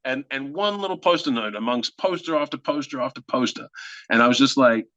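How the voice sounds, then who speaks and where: Aussie guy spinning a funny story, sharp bright tone, kinda muffled dry audio. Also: mid-range voice, a little fast, dry recording. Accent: Australian. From Australia. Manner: animated, self-mocking, acts out quotes. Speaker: guest actor. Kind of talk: anecdotal storytelling in conversation.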